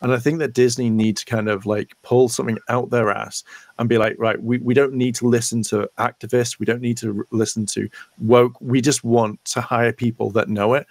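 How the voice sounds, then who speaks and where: Animated, cursing podcast guy. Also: mid-range voice, brisk, dry recording. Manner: animated, swears freely, acts out imagined dialogue. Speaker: podcast co-host. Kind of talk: casual chat.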